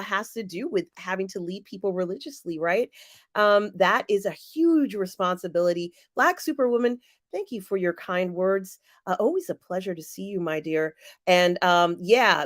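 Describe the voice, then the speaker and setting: A woman's voice: mid-range voice, dry recording. Woman, live-stream host, teary and emotional, chatty with fillers, dry close sound. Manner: warm, chatty, often pausing with fillers. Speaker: livestream host reading viewer comments. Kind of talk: casual live-chat commentary.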